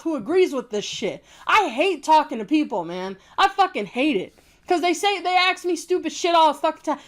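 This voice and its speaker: A woman with a high voice rants to her camera. She is blunt, heated and full of swearing. She repeats other people's phrases back with open scorn. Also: sing-song, brisk. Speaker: vlogger. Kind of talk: casual opinion rant to camera.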